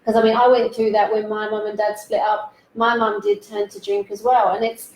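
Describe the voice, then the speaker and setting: A woman hosting a casual chat, animated and laughing often, with casual swearing. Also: mid-range voice, moderate pace. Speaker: fill-in host. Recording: roomy echo.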